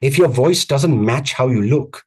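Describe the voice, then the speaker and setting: A man giving a live online coaching talk on vocal presence, speaking emphatically with repeated phrases and deliberate pauses. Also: medium pitch, lively intonation, a little mellow, slightly rough. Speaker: communications coach. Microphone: video call.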